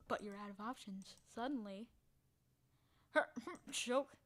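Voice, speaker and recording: High-voiced woman reading a text game. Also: measured pace. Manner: reads narration quietly, bursts into loud excited reactions. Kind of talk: casual let's-play narration.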